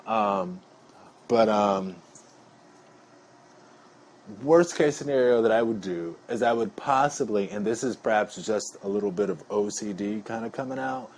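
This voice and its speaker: A man's voice: on the low side, slight background noise. A man talking casually to his viewers in a rambling, chatty monologue, calling them y'all. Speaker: vlogger.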